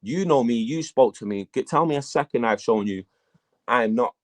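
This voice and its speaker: A man, a battle rap guest talking casually in an interview, telling animated stories and swearing a lot. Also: medium pitch, moderate pace. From England. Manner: animated storytelling, heavy swearing.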